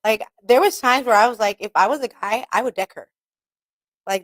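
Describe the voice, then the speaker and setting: A woman's voice: medium pitch, moderate pace, no room sound. A woman hosting a radio talk show, chatting candidly with lots of swearing and laughter. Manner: candid, swearing, laughs often, quotes herself in skits. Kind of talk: casual chat.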